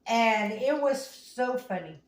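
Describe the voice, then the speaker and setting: Slow, folksy woman host in an echoey kitchen. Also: a little high, expressive. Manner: folksy, rambling, homespun phrasing. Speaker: home cooking show host. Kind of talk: casual storytelling while cooking. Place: home kitchen. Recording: echoey room, mic at a distance.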